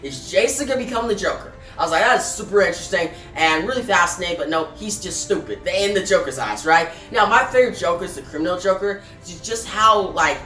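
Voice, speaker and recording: Lower-voiced woman in an echoey room. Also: lively intonation, fast, few pauses, fairly bright tone. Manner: chatty, addresses viewers as guys. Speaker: comic book reviewer. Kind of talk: casual review and retelling. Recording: roomy echo, distant mic, faint music.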